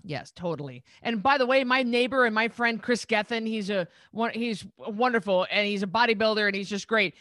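A woman's voice: medium pitch, brisk, hardly any pauses, fairly bright tone, no room sound. A woman who works as a weight-loss coach, speaking bluntly and emphatically as an interview guest. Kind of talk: casual interview chat.

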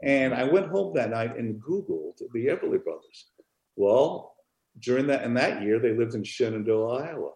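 Mellow-voiced man telling a story in an echoey room. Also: medium pitch, normal speed. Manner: animated storyteller who acts out dialogue. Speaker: author and music therapist guest. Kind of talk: storytelling in a podcast interview.

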